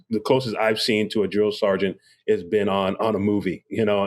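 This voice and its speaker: A man with a fairly low voice hosts an interview podcast. He asks his question in a halting way, circling back with fillers and restarts. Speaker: podcast host.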